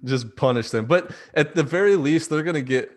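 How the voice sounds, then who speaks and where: A man's voice: on the high side, a little fast. A man hosting a casual sports podcast, talking in a rambling way full of fillers and often laughing. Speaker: podcast host.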